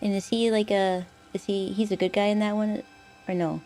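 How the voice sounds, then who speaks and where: A woman's voice: medium pitch, flat delivery, moderate pace, warm tone, faint music behind. A woman streamer giving casual gameplay commentary, chatty and thinking aloud.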